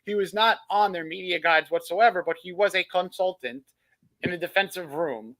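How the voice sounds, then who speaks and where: A man's voice: sits high, normal speed, fairly bright tone, rough recording. A man co-hosting a sports podcast, laying out his opinions in an analytical, hedging way. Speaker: podcast co-host. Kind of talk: casual sports podcast chat.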